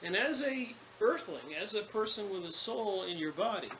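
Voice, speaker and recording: A man with a high, bright voice reads passages from a book aloud, then drifts into loose, repetitive commentary full of fillers and false starts. A faint hiss of background noise sits under the recording. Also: animated, normal speed, rough recording. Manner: rambling, repeats himself, many fillers and restarts. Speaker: channel host reading and commenting on a book. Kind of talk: casual book commentary mixing reading aloud and rambling asides.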